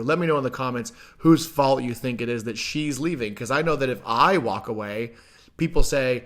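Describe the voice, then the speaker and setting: A man delivers reaction commentary on a debate clip, conversational and emphatic. He leans on rhetorical questions to drive his points home, in a plain, mid-pitched voice. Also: moderate pace, fairly bright tone.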